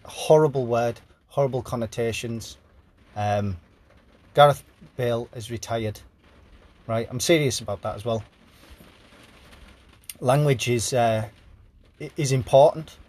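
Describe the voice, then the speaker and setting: A man's voice: medium pitch, a little slow, long pauses, a little mellow. A sleep-deprived man hosting a podcast, reading headlines aloud and riffing on them in a rambling, jokey way. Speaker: podcast host. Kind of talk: casual news commentary.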